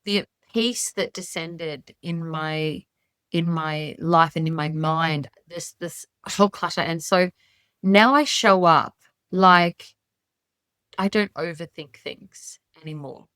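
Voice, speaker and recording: Middle-aged aussie woman telling a story on a podcast call, animated, rambly, dry close sound. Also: low-pitched, slow, clean tone, no room sound. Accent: Australian. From Australia. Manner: animated, rambling storyteller who acts out her own past thoughts. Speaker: podcast guest. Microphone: remote call.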